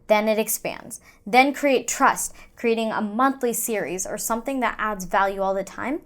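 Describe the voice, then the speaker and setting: A young woman talking as a podcast guest in casual interview chat, energetic and persuasive, like a quick pitch. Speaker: podcast guest, fitness entrepreneur.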